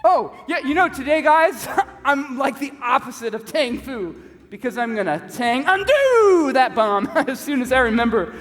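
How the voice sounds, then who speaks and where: A man's voice: very high voice, big pitch swings, normal speed, fairly bright tone, heavily acted. A man playing a cocky goofy know-it-all barista. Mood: rambling. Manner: cocky, rambling, laughing at his own jokes. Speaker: comedy sketch actor. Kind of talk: live stage comedy sketch. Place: church hall before an audience. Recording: live hall reverb, faint music.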